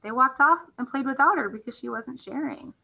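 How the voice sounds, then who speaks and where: A woman teacher reading a storybook aloud to young children, gently asking them questions about it. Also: sits high, a little fast, vocal fry, rough recording.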